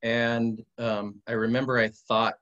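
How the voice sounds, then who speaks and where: A man sharing a personal testimony as a guest, in an animated, conversational way with frequent restarts. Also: medium pitch, measured pace, lo-fi sound. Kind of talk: casual testimony storytelling.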